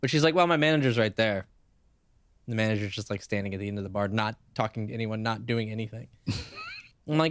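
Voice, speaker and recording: Speaking a little fast in a voice on the low side, this male podcast co-host rambles through a profane anecdote in casual conversation, full of animation and laughter. It's a dry recording with clean studio sound.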